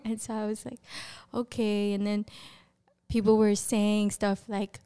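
A young woman telling her faith testimony as a podcast guest, in a casual, animated way, acting out the voices she remembers and laughing often. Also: medium pitch, measured pace, clear, resonant tone. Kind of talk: personal testimony in casual conversation.

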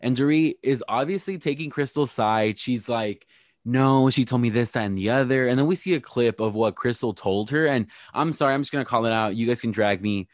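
A man's voice: mid-range voice, brisk, no room sound, studio quality. Man dishing gossip with blunt shade. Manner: gossipy, blunt, playfully shady. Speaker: podcast co-host recapping reality TV. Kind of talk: casual chat.

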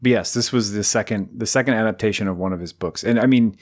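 A man's voice: on the low side, quick pace. A man co-hosting a podcast, talking casually about films in a rambling, jokey way with lots of fillers. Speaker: podcast co-host. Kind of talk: casual film discussion.

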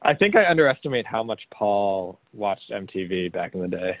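A man's voice: on the low side, very animated, normal speed. A man co-hosting a podcast, running through the list and dropping brief dry remarks in casual chat. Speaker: podcast co-host. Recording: tinny phone-like line.

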